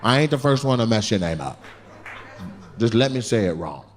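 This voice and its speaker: A man's voice: lowish voice, sing-song, moderate pace. A man doing stand-up crowd work on a club stage, brashly and profanely teasing audience members into a handheld mic. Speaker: stand-up comedian. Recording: noisy live club recording.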